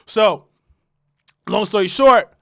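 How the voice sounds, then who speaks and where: A man's voice: high voice, slow pace, vocal fry, no room sound, clean studio sound. A man co-hosting a casual podcast, telling a story and acting out the people in it. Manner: animated storyteller, acts out voices in his stories. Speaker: podcast co-host.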